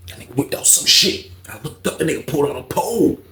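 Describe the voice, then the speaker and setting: A man's voice: a little high, lively intonation, quick pace, pushed and bright, echoey room. A man casually telling a prison story with plenty of fillers and swearing. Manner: casual, profane, lots of fillers.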